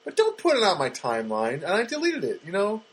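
A middle-aged man hosting a podcast, rambling through a comic monologue with halting restarts and dry, self-mocking jokes. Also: sits high, huge pitch swings, a bit bright, slightly rough, rough recording. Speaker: podcast host.

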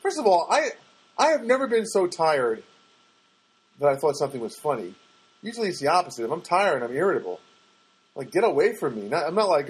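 Podcast host, male, husky voice, rambling self-mocking storyteller. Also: big pitch swings, a little fast, rough recording. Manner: rambling, self-mocking, mimics others in a high voice. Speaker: podcast host and stand-up comic. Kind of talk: casual storytelling monologue. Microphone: podcast microphone.

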